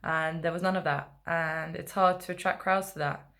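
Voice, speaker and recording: A woman's voice: low-pitched, fairly even intonation, normal speed, gravelly, a bit bright. A young woman fan talking casually in a rambling, laid-back vlog, full of fillers and asides. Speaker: football fan vlogger.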